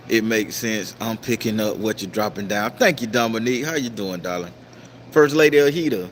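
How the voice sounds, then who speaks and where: Man, livestream host, fairly low voice, swears a lot, preachy and emphatic, faint noise in the background. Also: fairly quick. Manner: profane, preachy and emphatic, with sudden high-pitched outbursts. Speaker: tarot reader and livestream host. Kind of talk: casual livestream talk, reading out viewer comments.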